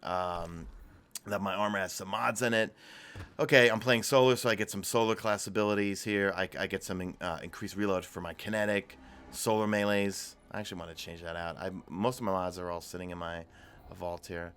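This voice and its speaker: A man's voice: deep voice, steady tone, brisk, a bit bright, smooth. A man with a New York accent streaming a video game live, chatting casually and answering viewer questions while he plays. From New York City. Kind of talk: live gameplay commentary.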